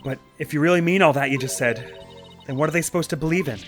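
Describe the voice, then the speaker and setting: A man's voice: on the high side, quick pace, faint music behind, lightly acted. A man voicing a cheerful, friendly young woman spirit medium in a game let's play, with a peppy, bouncy delivery. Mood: earnest.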